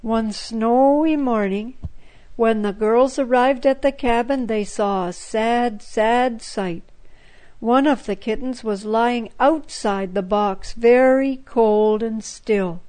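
A woman narrating a children's story in a gentle, measured way. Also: a little high, rough recording.

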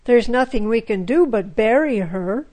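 A woman's voice: fairly high pitch, expressive, moderate pace, warm tone. A woman doing a firm, practical mother. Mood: matter-of-fact. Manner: firm, matter-of-fact. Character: brisk practical mother of two girls.

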